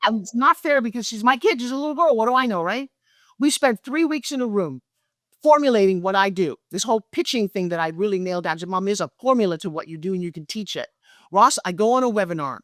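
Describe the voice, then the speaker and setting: A middle-aged woman, a guest in an interview, telling her story with animated energy and acting out quoted dialogue. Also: fast, no echo, studio quality. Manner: acts out quoted dialogue with lively pitch jumps. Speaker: guest, pitch expert and speaker.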